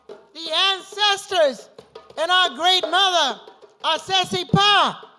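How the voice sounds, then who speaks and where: A woman leads a libation rite in a high, bright voice, chanting slow, drawn-out invocations and repeating the same refrain again and again. Faint music plays softly behind her. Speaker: libation ceremony leader. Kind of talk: ritual invocation with call-and-response. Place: gathering at an institution.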